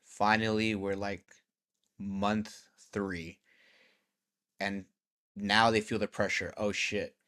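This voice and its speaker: A man's voice: fairly low pitch, takes it slowly, long pauses. A man vlogging, telling a story casually and acting out the back-and-forth with lots of swearing. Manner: animated, profane, acts out conversations.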